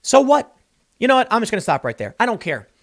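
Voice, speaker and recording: A man delivering an opinionated, sarcastic political commentary monologue, now and then mocking people in shrill impressions. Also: fast. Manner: animated, sarcastic, mocks others with shrill impressions.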